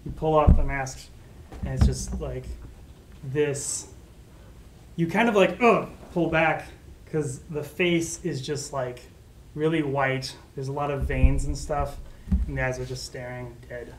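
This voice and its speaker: A man running a tabletop role-playing game, narrating in a casual, halting way full of fillers. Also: mid-range voice, steady tone. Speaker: game master. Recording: echoey room with faint noise.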